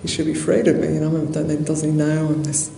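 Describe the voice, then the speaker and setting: Lady putting on a riled-up bandit guy, low grumbly voice, mellow tone, echoey room. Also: flat delivery, quick pace, vocal fry, a little hiss or hum. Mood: indignant. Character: angry male bandit, a feared killer.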